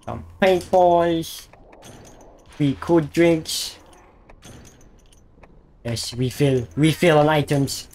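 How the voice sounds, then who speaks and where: A male game streamer chatting casually to himself as he plays, easily excited and talking to the monster on screen. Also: on the high side, very slow, pauses often. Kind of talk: casual live gameplay commentary.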